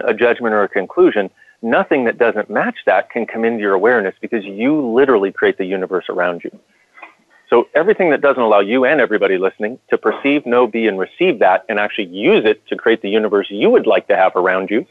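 A man's voice: on the low side, expressive, fast, dry recording, phone-quality sound. Man, earnest call-in co-host, restarts his sentences a lot, thin phone sound, dead dry. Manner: earnest storytelling with many restarts. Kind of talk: call-in radio talk.

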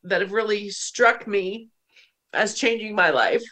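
A middle-aged woman hosts a show and talks in a relaxed conversational way. She tells a personal story with feeling and breaks into laughs now and then. Her pitch sits in an ordinary middle range. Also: unhurried. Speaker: podcast host. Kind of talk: casual conversation.

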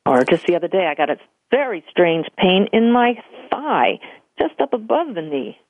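Speaking in a fairly low voice at a moderate pace, an older spiritual medium recounts stories during an interview, acting out each quoted voice with animation. The sound is tinny like a telephone line and has no echo.

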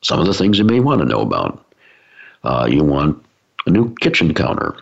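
A man's voice: a bass voice, sing-song, moderate pace, creaky. A man giving an explanatory talk to a business audience, using everyday analogies with frequent fillers. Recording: dull lo-fi recording.

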